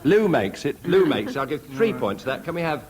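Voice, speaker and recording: A man chairing a radio comedy panel game before a live audience, with a brisk, wry delivery. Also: fairly high pitch, big pitch swings. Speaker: quiz chairman. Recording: 1970s radio recording, audience noise.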